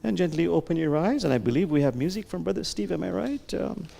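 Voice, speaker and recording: A man leading a slow, soft, prayerful guided heart meditation during a worship service, pausing often. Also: high-pitched, lively intonation, vocal fry. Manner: slow, soft, prayerful guidance with long pauses.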